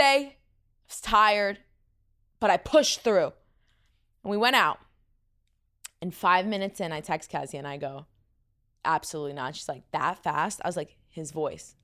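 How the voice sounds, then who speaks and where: Young woman podcast host, somewhat deep voice with a touch of fry, chatty and animated, mid-range pitch. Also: measured pace, long pauses. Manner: chatty, animated, full of fillers and asides. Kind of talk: casual chat.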